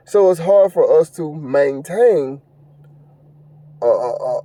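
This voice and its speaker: A middle-aged podcast host delivers a casual solo commentary in an earnest, lecturing tone, his slightly high voice warm and dark with lively intonation. He speaks slowly with long pauses, often repeating himself and stumbling over uh's. The recording is dry, with no echo or room sound.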